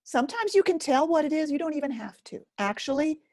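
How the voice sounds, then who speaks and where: A woman teaching a guided self-help lesson, speaking gently and slowly with many pauses. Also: sits high, lively intonation, dry recording, clean studio sound. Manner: gentle, slow and pausing, speaks as if to a listener. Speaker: focusing teacher.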